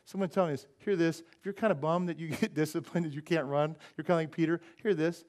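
Emphatic high-voiced male preacher. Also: steady tone, quick pace, a little mellow. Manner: emphatic, questions the congregation and acts out Bible voices. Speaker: pastor. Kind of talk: sermon.

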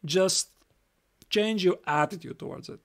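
A man's voice: high-pitched, measured pace, a bit bright. A young Latvian man with a Latvian accent giving a chatty live-stream chess lesson, reading moves aloud and repeating himself.

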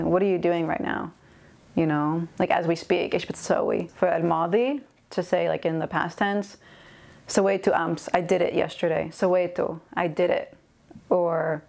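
Quick-talking woman with a gravelly voice teaching. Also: fairly low pitch. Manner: switches between English and Arabic, explaining slang. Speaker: language teacher. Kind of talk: casual vocabulary lesson.

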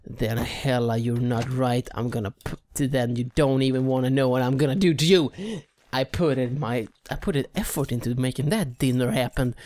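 A woman giving gameplay commentary, excitable, shrieking and swearing often. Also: very deep voice. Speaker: let's play gamer.

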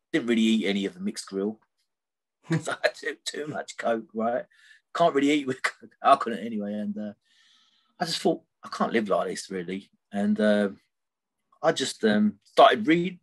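A man's voice: fairly low pitch, dry recording. A middle-aged man, a podcast guest telling a personal story candidly and loosely, often tagging sentences with "right?". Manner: rambling, keeps checking in with "right?".

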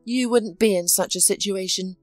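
A woman's voice: mid-range voice, moderate pace, dry recording, faint music behind, natural voice. A woman reading the lines of a weary, betrayed young wife in a storybook narration, speaking weakly and sadly. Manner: weak, sad, resigned.

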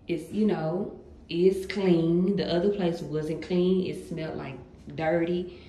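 A woman's voice: fairly low pitch, fairly even intonation, slow, warm tone, a little hiss or hum. A woman in her late twenties chatting casually and straight to her viewers, with loose folksy slang. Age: late 20s. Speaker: vlogger.

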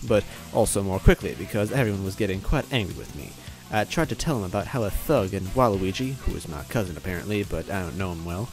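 A man's voice: on the low side, a little mellow. A man narrating a story in first person, breaking in with wry comic asides. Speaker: reader, narrator.

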